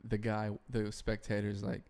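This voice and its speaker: A man's voice: lowish voice, completely flat delivery, measured pace, gravelly, darkish tone. A young man guesting on a podcast, chatting casually with lots of swearing and fillers. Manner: profane, rambling, many fillers. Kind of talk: casual chat.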